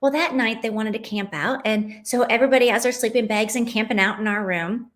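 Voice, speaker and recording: A woman's voice: on the high side, fairly even intonation, brisk. Heartfelt woman in her late thirties. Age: late 30s. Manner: heartfelt, conversational, many "you know"s. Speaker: podcast host, mother. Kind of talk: personal storytelling.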